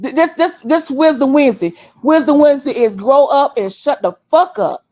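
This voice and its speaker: Aave-talking woman going off at her stream chat, cussing, high voice. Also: moderate pace, darkish tone. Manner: blunt, profane, scolding. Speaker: livestream host. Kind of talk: heated livestream rant. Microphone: desktop stream mic.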